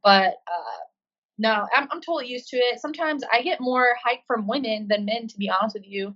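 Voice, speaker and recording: A woman's voice: a little high, fairly quick, a bit bright. Chatty woman on a dull remote line. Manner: chatty, lots of ums and likes. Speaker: guest, Marine and CrossFit coach. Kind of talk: casual interview answers. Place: living in Australia.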